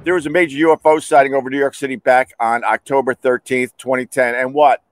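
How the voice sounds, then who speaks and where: A man hosting a casual comedic monologue, talking animatedly and breaking into shouted bits. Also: mid-range voice, steady tone, quick pace, faint music behind. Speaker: host.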